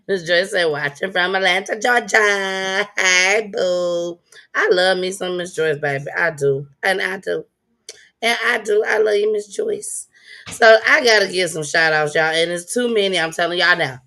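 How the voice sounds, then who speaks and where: A woman's voice: on the low side, measured pace, pushed and bright. A woman hosting a casual live stream, laughing often and greeting her viewers by name. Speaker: live-stream commentary host.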